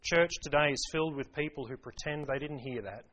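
A man's voice: fairly high pitch, fairly quick, a bit bright, muffled recording. A man preaching a sermon, earnest and emphatic, putting rhetorical questions to his congregation.

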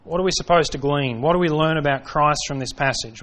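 A man's voice: a little high, a little fast, a bit bright. A man preaching an evening sermon in a dramatic style, full of rhetorical questions, who acts out the voices he quotes. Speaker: pastor.

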